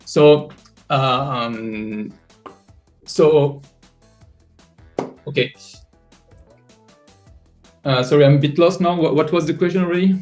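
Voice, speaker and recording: French guy explaining stuff in a live chat, kinda high voice, stops and restarts a lot, faint music under it. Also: darkish tone. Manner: halting, many restarts and fillers while explaining. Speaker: NFT project creator. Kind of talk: AMA audio chat.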